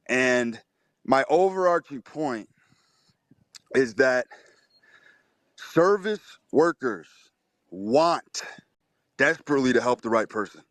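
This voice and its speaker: A man's voice: mid-range voice, lively intonation, slow, long pauses, no room sound. A man speaks with brash, emphatic swagger and swears freely. He tells his story in a cocky, punchy way. The sound is close and dry, with no room around it. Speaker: host. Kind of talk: storytelling on a live audio chat.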